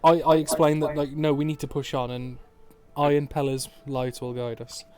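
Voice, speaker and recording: Man, tabletop player, eager banter, slightly high pitch. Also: little pitch movement, moderate pace, darkish tone, clean tone. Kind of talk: casual tabletop game chat.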